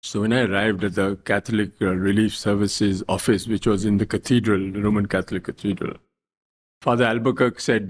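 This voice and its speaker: An older man from India, a guest telling wry stories in an unhurried, anecdotal way in an interview. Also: fairly low pitch, level tone. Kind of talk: storytelling interview.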